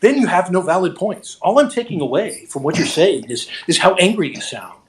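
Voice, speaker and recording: A man's voice: sits high, big pitch swings, brisk. A man hosting a casual online audio chat, ranting in an agitated way and swearing often. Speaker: host.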